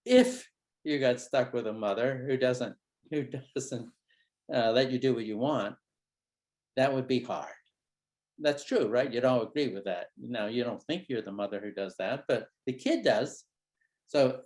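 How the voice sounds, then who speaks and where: A man giving a conference keynote, acting out talks with a child in a gentle, wondering tone. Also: medium pitch. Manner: animated, acts out conversations with a child in a gentle, wondering tone. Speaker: keynote speaker, psychologist. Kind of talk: conference lecture with acted-out dialogues. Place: conference hall.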